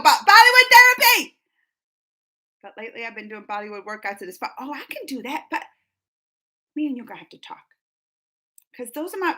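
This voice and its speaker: A woman hosting a live-stream chat, reading viewer comments aloud and answering them in a lively, talkative way with frequent laughter. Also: a little high. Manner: animated and chatty, laughs often, gasps. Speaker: reaction channel host.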